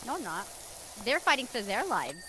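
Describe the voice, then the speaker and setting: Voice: medium pitch, very animated, normal speed, pushed and bright, slight background noise, poor audio. A co-host on a live stream, talking bluntly and swearing freely in casual chat.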